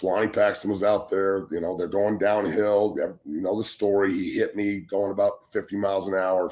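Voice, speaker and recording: A man's voice: low voice, darkish tone. Blunt, profane man ranting on a talk show. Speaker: podcast co-host, former pro football player. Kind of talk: heated casual talk show rant.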